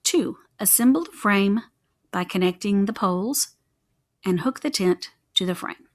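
A young adult woman reading a children's chapter book aloud in an expressive, rhythmic way. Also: medium pitch, measured pace. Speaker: reader.

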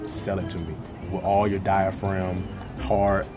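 Brief: deadpan man, fast and low, music underneath. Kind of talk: comedy skit talk. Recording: music playing behind.

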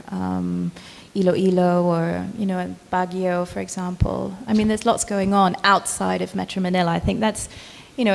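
A woman's voice: lowish voice, vocal fry. A woman editor answering audience questions at a book launch, hesitant and full of fillers and restarts. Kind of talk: public talk Q&A answers. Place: gallery event space. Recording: long reverb in a hall with faint ambience.

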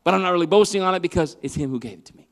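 A man preaching a youth sermon in a church, animated and swinging between loud and hushed. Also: high voice, racing. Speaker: youth pastor. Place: church hall. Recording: long hall reverb.

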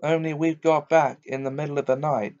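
A man's voice: on the high side, fairly even intonation, brisk, a little mellow, lightly acted. A man doing a level-headed young boy. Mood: matter-of-fact. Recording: dull lo-fi recording.

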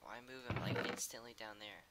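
A man's voice: lowish voice, brisk, very noisy. Irritable young man muttering over a game. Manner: irritable, muttering and swearing to himself. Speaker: gamer. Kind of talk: solo gaming commentary. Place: room at home.

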